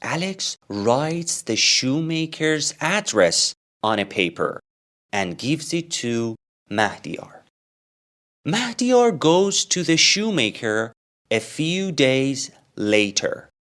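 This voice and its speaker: A man's voice: mid-range voice, very animated, slow, fairly bright tone. A man telling a simple story as an English lesson, asking questions about it and answering them himself. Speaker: English teacher.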